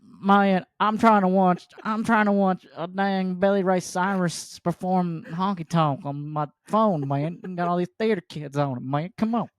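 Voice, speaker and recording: A man's voice: high voice, a little slow, few pauses, clear, resonant tone, no room sound, clean studio sound. A man putting on a grumbling Southern redneck. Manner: drawling, crude complaining. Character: grumpy middle-aged Southern male redneck worker.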